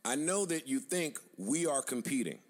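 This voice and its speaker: A man's voice: medium pitch, very animated, normal speed. Assertive man lecturing his critics. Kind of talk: confident commentary.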